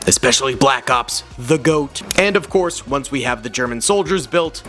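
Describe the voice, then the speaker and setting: A bright, animated man tells the story behind his toy-brick build, tossing in jokes and self-mocking asides. His voice sits fairly high and bounces up and down in pitch. He sounds like an upbeat YouTube narrator. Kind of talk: energetic comedic narration.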